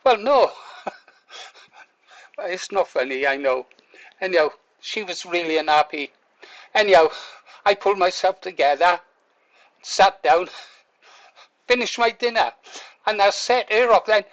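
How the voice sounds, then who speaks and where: Telling a chatty story straight to camera, an older male vlogger laughs as he goes and swears from time to time. His high, slightly bright voice has lively intonation, and he speaks a little slowly with frequent pauses. The sound is lo-fi.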